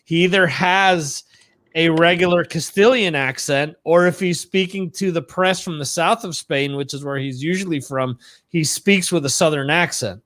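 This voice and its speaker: Brief: male podcast co-host, slightly high voice, chatty and rambling, dry close mic. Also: moderate pace, a bit bright, no echo. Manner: chatty, with frequent "um" and restarts. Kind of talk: casual chat about TV shows. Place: home in Spain.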